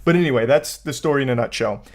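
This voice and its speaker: A man giving casual comedic commentary, joking in a deadpan, mock-serious way. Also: mid-range voice, fast. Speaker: online commentator.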